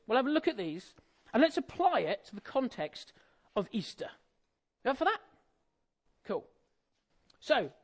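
A preacher with a notably high voice gives a relaxed, humorous sermon. He keeps turning to the listeners with questions and asides. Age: adult, married. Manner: conversational, jokey, asks the audience questions.

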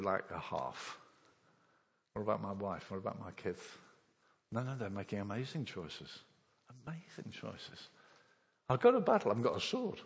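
A male pastor preaching a sermon, swinging between loud bursts and hushed asides. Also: fairly high pitch, big-room sound. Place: church hall.

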